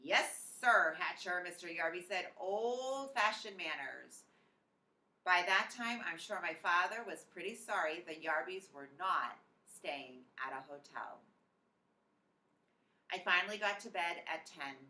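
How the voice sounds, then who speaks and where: Teacher lady reading a kids book out loud, bright voice, kinda far from the mic. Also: fairly low pitch, unhurried. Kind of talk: storybook read-aloud. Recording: echoey room, off-mic.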